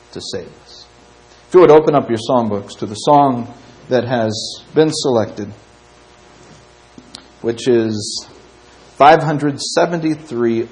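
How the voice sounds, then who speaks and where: A man preaching a sermon in church, impassioned, swinging between loud emphatic stretches and quiet ones. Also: mid-range voice, rough recording. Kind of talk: sermon with invitation.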